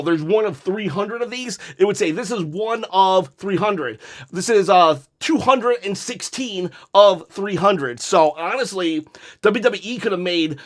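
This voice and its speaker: A man's voice: sits high, fairly bright tone. A man hosting a casual unboxing video at home, chatty and jokey, chuckling at his own asides as he talks into a desk microphone. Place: home room with posters.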